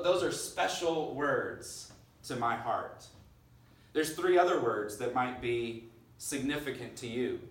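A man in his thirties preaching a sermon as pastor, earnest, dropping to a hush on key phrases. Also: mid-range voice. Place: church sanctuary. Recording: roomy sound from far off.

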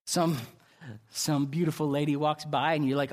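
A man's voice: fairly high pitch, lively intonation, normal speed. A man preaching a sermon as pastor, emphatic and repetitive, his intensity rising and falling.

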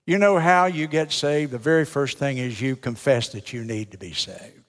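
With a voice on the high side, an older man from the United States preaches like a Baptist preacher, folksy and emphatic, putting rhetorical questions to the congregation. He talks at normal speed with hardly any pauses, and long hall reverb surrounds him.

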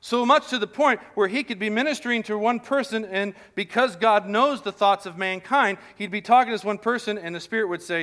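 A man preaching a sermon as pastor, telling a personal story and shifting into quiet, intimate tones. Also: high voice, brisk, few pauses.

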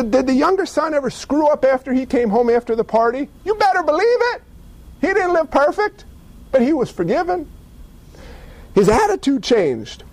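A man pastor preaching a sermon in an animated, casual way, often acting out little dialogues and using slang. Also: very high-pitched, dry recording.

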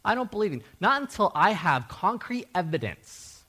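A man voicing a skeptical male disciple who insists on proof before he will believe, with a lively, rising delivery. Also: sits high, normal speed, breathy edge, pitched above the performer's own voice, heavily acted. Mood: defiant. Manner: insistent, repeating his demand.

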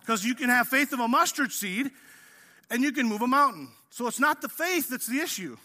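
A male pastor preaching a sermon in a casual, energetic way, acting out the story as he tells it. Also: very high voice, brisk. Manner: energetic, casual preaching, says "man" often; acts out the story.

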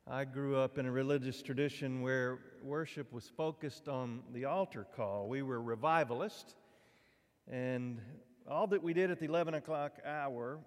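A man preaches to his congregation in a relaxed, folksy, conversational way, often turning to the listeners with asides. His voice sits at an ordinary middle pitch. The sound carries the long reverb of a church sanctuary. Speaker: pastor. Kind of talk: sermon.

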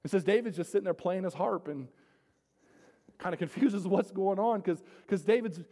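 A male pastor with a notably high voice delivers an earnest sermon, repeating key phrases and calling out to his congregation. His words ring out in a church sanctuary with a long, trailing reverb. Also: moderate pace, mellow. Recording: long reverb of a large hall.

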